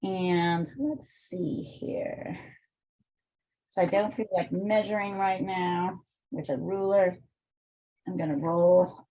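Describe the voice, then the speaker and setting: A woman's voice: fairly low pitch, takes it slowly, pauses often, dark tone. A woman art teacher with a weak, strained voice, chatting and thinking aloud while she demonstrates drawing in a live online class, with plenty of fillers.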